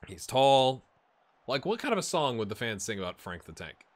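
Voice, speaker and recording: A man giving casual, amused commentary while playing a football management game, getting excited during the action. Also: medium pitch, normal speed. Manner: chatty, amused, jumps to excited play-by-play. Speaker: gaming YouTuber. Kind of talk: casual let's-play commentary.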